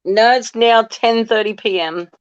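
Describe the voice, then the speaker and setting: A woman's voice: fairly high pitch, measured pace, smooth, no echo. Friendly Australian woman guest, dull dry video-call audio. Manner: friendly, laughs easily. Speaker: guest on a live stream. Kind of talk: casual chat over video call.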